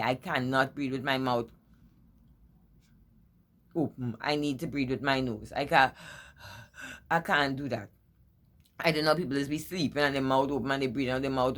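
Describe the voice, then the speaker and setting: A woman vlogger with a husky voice, talking in a playful, teasing way and stretching out words for emphasis. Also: a bit bright. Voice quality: husky low voice. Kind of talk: casual opinion vlog.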